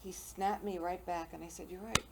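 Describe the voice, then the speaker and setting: A woman's voice: on the low side, level tone, moderate pace, creaky, a crowd in the background, low-quality recording. An older woman hosting a local TV interview show, telling personal stories with self-deprecating humor. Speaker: talk show host. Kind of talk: casual interview chat. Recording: faint noise, local TV studio.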